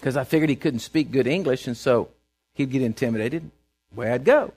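A man from Texas with a Texan accent, telling a folksy, animated sermon story and often repeating himself as he goes. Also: mid-range voice, fairly quick.

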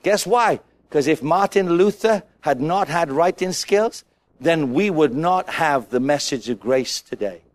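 A man preaching a sermon to a congregation, animated and asking them questions. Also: a little high. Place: church with a congregation.

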